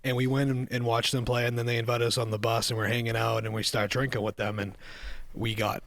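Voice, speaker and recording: A man's voice: medium pitch, flat delivery, fast, gravelly, fairly bright tone. A man co-hosting a podcast, telling a tour story in an easygoing, chatty way. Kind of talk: casual storytelling.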